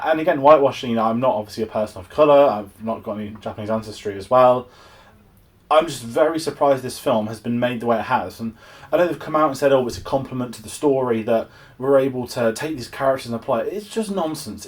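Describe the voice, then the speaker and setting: A young English man giving a casual, exasperated film review, rambling with frequent restarts. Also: mid-range voice. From England.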